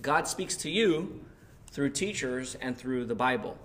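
A young adult male pastor preaching a conversational sermon, with lots of fillers and lively retelling. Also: medium pitch, unhurried. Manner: conversational, animated when retelling, many fillers. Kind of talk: sermon with personal story.

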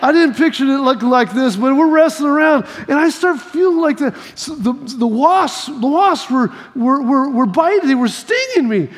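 A man's voice: very high-pitched, expressive, normal speed, hardly any pauses. A male preacher giving a sermon, telling stories animatedly and acting out scenes, often repeating his phrases. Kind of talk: sermon with personal storytelling. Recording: reverberant hall.

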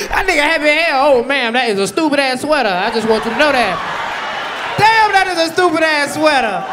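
A young man doing loud, profane crowd-work roast comedy on a comedy club stage. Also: extremely high pitch, animated, normal speed. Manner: loud, shouting, laughing, profane. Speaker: stand-up comedian. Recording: loud crowd and room noise.

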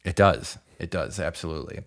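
A man's voice: low-pitched, fairly quick. A man co-hosting a film podcast, talking casually with a wry, joking manner. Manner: wry, joking, reads the sign-off. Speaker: podcast co-host.

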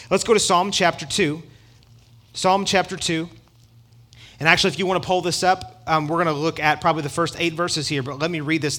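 A man's voice: a little high, pushed and bright. A middle-aged man preaching a sermon in an emphatic, conversational way, with asides to the congregation. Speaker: pastor.

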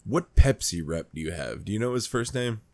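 A young man joins a casual podcast chat with teasing, animated interjections. His pitch swings lively up and down, and the sound is dry and close. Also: brisk, creaky, no echo. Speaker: podcast co-host.

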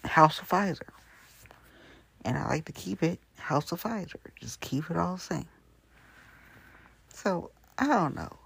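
A gravelly show host with a slightly husky, breathy edge rambles through the day's news in loose, chatty talk. The delivery wanders from point to point and keeps slipping into quiet, hushed asides. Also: mid-range voice, expressive, unhurried, pauses often. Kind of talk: casual news chat. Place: Hamilton County area.

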